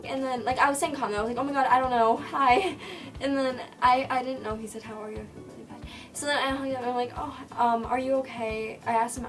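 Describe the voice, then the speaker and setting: A young woman tells a story in a vlog, quick and breathless, packing her sentences with "like" and replaying each line of dialogue. Her voice sits a little high. She is a bit far from the mic, and music plays clearly behind her. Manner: rapid and breathless, full of "like", retelling dialogue. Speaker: vlogger.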